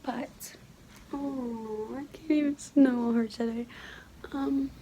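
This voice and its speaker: A teenage girl filming a get-ready-with-me vlog, talking in a rushed, chatty way and often half-whispering. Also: fairly even intonation. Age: teens. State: out of breath. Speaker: vlogger. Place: home, early morning. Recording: low audio with loud background noise.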